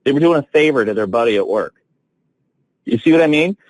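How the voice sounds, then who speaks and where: A man coaching salespeople on a training call, telling stories with excitement and lively swings in his voice. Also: medium pitch, fairly quick, dry recording, poor audio. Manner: enthusiastic, animated storytelling with big swings.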